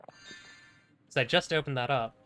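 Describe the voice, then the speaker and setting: Bright-voiced man streaming a game. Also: mid-range voice, takes it slowly, soft background music. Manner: chatty, swears freely, talks to himself in short bursts. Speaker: streamer playing a video game. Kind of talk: casual live gameplay commentary.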